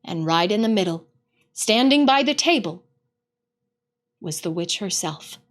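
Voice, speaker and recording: Female storybook narrator, expressive and dramatic, unhurried, animated pitch. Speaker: read-aloud host. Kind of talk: storybook read-aloud narration.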